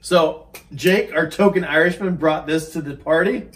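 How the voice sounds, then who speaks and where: A man hosting a casual whiskey chat in a basement, jokey and quick to laugh. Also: a little high, a bit bright. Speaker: host. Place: basement room. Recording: distant mic, faint noise.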